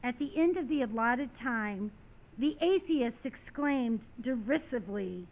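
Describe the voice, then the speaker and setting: A woman's voice: high-pitched, animated, normal speed. A woman preaching a sermon, reading scripture and stories with dramatic rising and falling emphasis.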